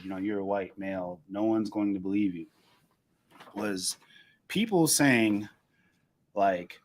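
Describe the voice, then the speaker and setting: A man co-hosting an internet radio talk show, telling stories with lots of acted-out dialogue and laughter. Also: fairly low pitch. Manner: animated storytelling, acts out dialogue, laughs often. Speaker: co-host. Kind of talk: casual talk-show banter.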